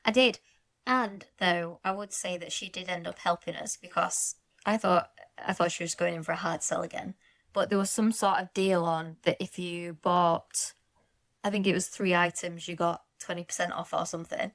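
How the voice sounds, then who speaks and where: A woman co-hosting a relaxed podcast chat, speaking in a measured way as she recounts events. Her voice sits on the low side for a woman. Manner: measured, laughs often while recounting. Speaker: podcast co-host. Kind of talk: casual chat.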